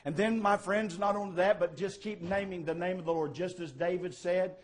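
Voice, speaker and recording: A man preaching a sermon, swelling to emphatic, louder passages and dropping to quiet asides. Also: high voice, fairly even intonation, a little fast, few pauses.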